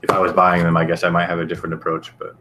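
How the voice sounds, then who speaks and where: Blunt, foul-mouthed deep-voiced man. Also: monotone, racing, sharp tone, a little hiss or hum. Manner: blunt, swears constantly, ranting. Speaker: show co-host. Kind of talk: casual profane chat.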